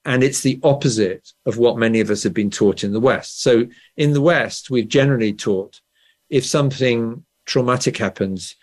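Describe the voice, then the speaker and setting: A man's voice: mid-range voice, moderate pace. A man from England with a standard Southern English accent, an author being interviewed, explaining ideas and checking in with "right?" as he goes. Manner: explanatory, frequent "right?" tags and restarts. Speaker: author and guest. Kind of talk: conversational interview.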